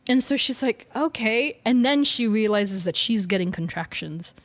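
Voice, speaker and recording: A woman's voice: medium pitch, animated, moderate pace. A woman co-hosting a podcast, casually and animatedly retelling a comic story with frequent laughs and slangy asides. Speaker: podcast co-host. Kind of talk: casual chat recapping comics.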